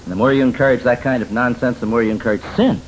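A man teaching about biblical counseling, emphatic and folksy, often pausing on "uh" as he tells homely stories. His voice sits at an ordinary middle pitch. A faint hiss runs under the speech. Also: rough recording. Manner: emphatic, folksy storytelling with many fillers. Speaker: Christian counselor lecturing. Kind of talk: teaching lecture.

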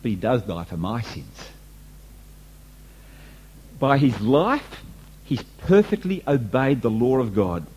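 Husky, lively male preacher. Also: mid-range voice, takes it slowly, pauses often, poor audio. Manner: emphatic, repeats and restates points, rhetorical questions. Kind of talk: sermon.

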